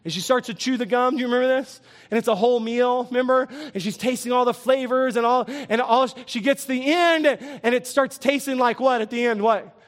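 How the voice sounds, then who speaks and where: A male pastor giving a lively sermon, quizzing the congregation and chuckling as he goes. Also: extremely high pitch, fairly quick, few pauses.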